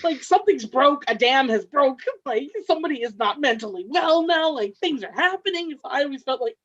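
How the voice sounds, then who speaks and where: A woman joining a casual group chat as a guest, expressive and acting out reactions as she talks. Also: high voice, fairly quick, dull audio. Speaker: podcast guest.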